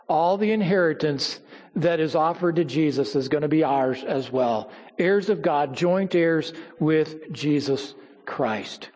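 Man preaching in a reverberant hall. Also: on the high side. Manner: preaching with stories and scripture, dropping to soft emphasis. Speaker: pastor. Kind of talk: sermon.

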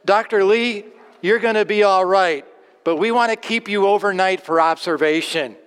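A man's voice: high-pitched, normal speed, fairly bright tone, clean tone, big-room sound. A pastor voicing a firm male hospital doctor pleading with a stubborn patient.

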